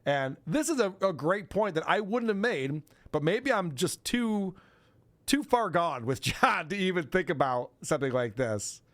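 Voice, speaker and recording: A man's voice: sits high, expressive, measured pace, fairly bright tone. A man hosting a podcast, commenting on clips in casual chat, often mocking and laughing. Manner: mocking, laughing, mimics voices. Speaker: podcast host.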